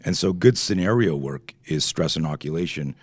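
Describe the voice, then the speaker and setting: A middle-aged man from Canada, a self-defense instructor telling stories as a podcast guest, animated and swearing freely while acting out quoted dialogue. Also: a bass voice, normal speed, husky, no room sound, studio quality. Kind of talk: podcast interview storytelling.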